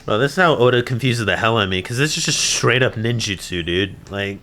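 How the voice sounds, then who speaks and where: A man giving casual, animated reaction commentary on an anime episode, moving from mumbled asides to loud outbursts and frequent laughter. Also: on the low side, brisk.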